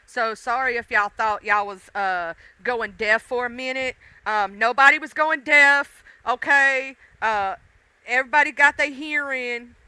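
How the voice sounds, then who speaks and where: Middle-aged woman host, casual and profane, talks straight to her chat; very bright, dry sound. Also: a little high, unhurried, smooth, no echo. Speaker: livestream host. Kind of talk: casual chat with live viewers.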